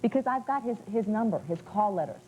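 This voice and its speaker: A woman's voice: mid-range voice, lively intonation, fairly quick, darkish tone, a little hiss or hum, poor audio. A woman co-hosting a TV talk show in a teasing, playful way, laughing often. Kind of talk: playful morning TV chat.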